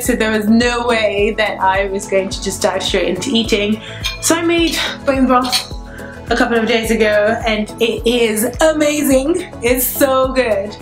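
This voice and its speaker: A woman from Nigeria vlogging casually at home, chatty and excitable, a little out of breath. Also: fairly high pitch. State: a bit out of breath. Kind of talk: casual vlog to camera. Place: her apartment. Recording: roomy echo with faint music.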